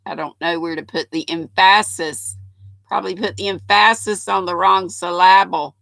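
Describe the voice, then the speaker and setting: Older lady reading chat comments on her live stream, real gravelly and bright, chatty and folksy. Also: fairly low pitch, steady tone, moderate pace, no room sound. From North Carolina, US. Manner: chatty, folksy, thinking aloud. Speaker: livestream host.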